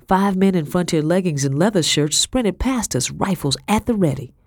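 A woman's voice: on the low side, expressive, moderate pace, a little mellow, no echo, clean studio sound. Woman reading a historical novel aloud. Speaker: audiobook narrator.

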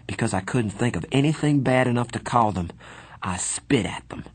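A man reading a first-person story aloud in a measured, even storytelling manner. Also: medium pitch, husky. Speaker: audiobook narrator. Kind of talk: scripted first-person narration.

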